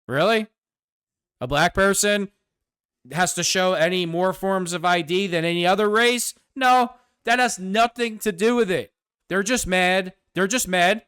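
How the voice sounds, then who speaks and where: A man's voice: high-pitched, a little slow, fairly bright tone, smooth, dry recording, studio quality. A man hosting his own show, delivering a sarcastic, combative political commentary rant. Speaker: host.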